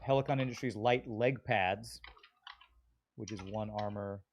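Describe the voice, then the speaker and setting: A man's voice: fairly low pitch, unhurried, a little hiss or hum. A man playing a tabletop game, talking casually and often trailing off mid-sentence. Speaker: player.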